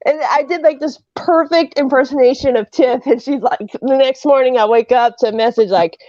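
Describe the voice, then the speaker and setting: A woman's voice: sits high, normal speed, dark tone, no echo. A woman co-hosting a podcast, chatting casually with playful, profane teasing. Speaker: podcast co-host. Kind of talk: casual chat. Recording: dull dry lo-fi sound.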